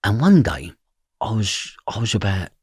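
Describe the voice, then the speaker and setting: Middle-aged guy on a podcast, husky, dead dry sound, swears a lot, keeps going "know what i mean". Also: fairly low pitch, big pitch swings, normal speed, darkish tone, no echo. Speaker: podcast guest. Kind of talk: intense first-person storytelling.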